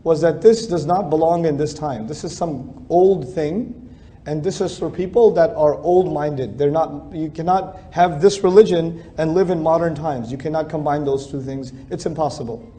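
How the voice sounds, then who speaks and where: A man's voice: fairly high pitch, normal speed, dark tone. A middle-aged man giving a religious lecture in a conversational, emphatic way, repeating phrases for stress. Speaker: Islamic speaker.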